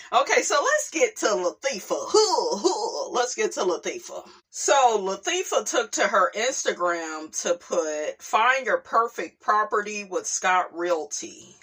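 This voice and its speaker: A woman hosting a casual gossip commentary, chatty and quick to laugh, often saying "honey" and "okay". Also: mid-range voice, pushed and bright. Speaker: host.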